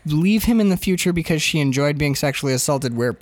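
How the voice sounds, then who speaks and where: A woman's voice: deep voice, animated, fast talker, darkish tone, no room sound. A woman co-hosting a comedy podcast, swearing freely and laughing as she jumps into improvised bits. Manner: crude, laughing, jumps into put-on voices. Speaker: podcast co-host.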